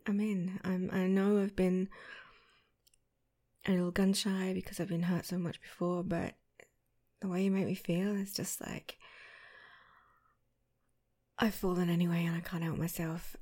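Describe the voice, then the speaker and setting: Woman, whispered role-play: soft, slow, breathy, teasing and intimate with a partner. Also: on the low side, flat delivery. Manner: intimate, flirty, playful whispering. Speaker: audio role-play performer.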